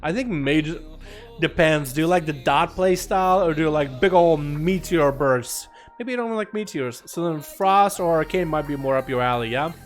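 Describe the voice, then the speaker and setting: Upbeat high-voiced American man streaming. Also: normal speed, faint music behind. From United States. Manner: energetic, chatty, jokey with viewers. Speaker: streamer and duel host. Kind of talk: live game commentary and chat.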